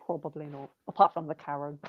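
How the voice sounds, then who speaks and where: A woman's voice: sits low, flat delivery, fast talker, muffled recording, slight background noise. A woman telling blunt, sweary stories about her shop customers in casual chat.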